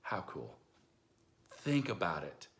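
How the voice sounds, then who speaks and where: A man with a somewhat low voice retells a Bible story in an easygoing, folksy way. He acts out the characters with casual modern slang, like a storyteller preacher. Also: sing-song, takes it slowly, a bit bright.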